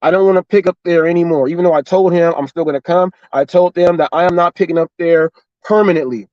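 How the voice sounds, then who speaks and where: A middle-aged man with a fairly high voice tells a story in an animated, repetitive way, acting out both sides of a conversation. The sound is dry and slightly dull, with no room echo. He talks casually, like a driver and show host talking to his regular viewers. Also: fast talker. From Los Angeles and Orange County, California. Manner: animated, repetitive retelling with quoted dialogue.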